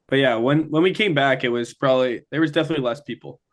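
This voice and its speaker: A young man from Ontario, Canada, a guest telling an animated story and acting out what people said. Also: mid-range voice, brisk. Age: young adult. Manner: animated, acts out quoted lines. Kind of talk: casual storytelling.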